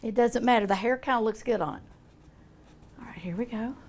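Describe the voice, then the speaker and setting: A woman's voice: on the high side, brisk, darkish tone. An older woman demonstrating a painting, talking in a chatty, folksy way as she thinks aloud. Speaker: art teacher.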